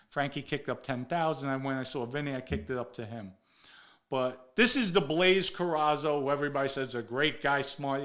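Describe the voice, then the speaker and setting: A man telling a story casually, acting out the dialogue and swearing freely. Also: mid-range voice. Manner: animated, acts out quoted dialogue, swears freely. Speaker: storyteller guest.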